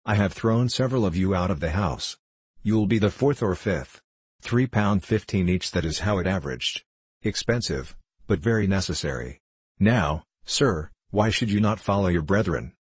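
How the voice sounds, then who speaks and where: A man's voice: sits low, expressive, moderate pace, breathy edge, dry recording. A man voicing a sarcastic, blustering older professor in an audiobook reading. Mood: menacing. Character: irascible older male professor, short and powerful.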